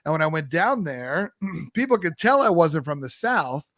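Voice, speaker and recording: A fairly high-pitched man with a New York accent hosts a relaxed interview. He talks in an animated way and laughs easily. His voice sounds dry and close to the mic. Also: normal speed, no echo. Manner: animated, laughs easily, does playful impressions. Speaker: podcast host. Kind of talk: casual conversational interview.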